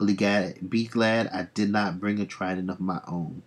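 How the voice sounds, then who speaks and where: An ancient male sea god speaking in solemn, archaic phrases, as a man reads his comic lines aloud. The voice is husky and lowish, grave and measured. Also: steady tone.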